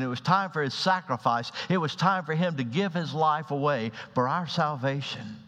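A man preaching a sermon in a church, dramatic in delivery and acting out the voices in his stories. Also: fairly bright tone. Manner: dramatic, acts out quoted voices with rising pitch. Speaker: pastor. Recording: lo-fi recording with long hall reverb.

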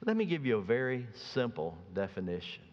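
A pastor preaching a sermon, swinging from soft, slow passages to loud, emphatic ones. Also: male voice, medium pitch, wildly swooping pitch. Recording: dull sound with long reverb.

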